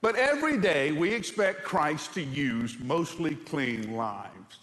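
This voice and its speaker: Man preaching in a big echoey church, bit higher voice, lively storytelling, keeps asking the crowd questions. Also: takes it slowly. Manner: animated storytelling, rhetorical questions to the congregation. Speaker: pastor. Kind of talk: sermon with humorous anecdotes.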